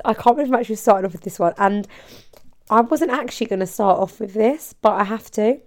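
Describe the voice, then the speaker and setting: A woman's voice: mid-range voice, darkish tone. A woman hosting her own podcast, chatting in a bubbly, rambling way and laughing often. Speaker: podcast host and hairdresser. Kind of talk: casual solo podcast chat.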